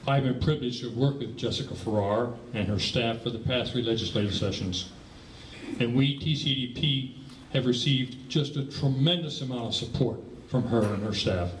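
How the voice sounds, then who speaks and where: A man with a measured, formal delivery, presenting an award at an evening event. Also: mid-range voice. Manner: measured and formal, read from notes. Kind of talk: prepared speech at an awards event. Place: banquet hall. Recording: echoey hall from far off with faint noise.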